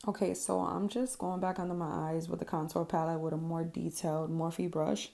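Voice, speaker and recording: Woman, makeup vlogger, gravelly, dark tone, flat delivery, casual swearing. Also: lowish voice, moderate pace. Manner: candid, swears freely, many ums. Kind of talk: casual makeup tutorial voice-over.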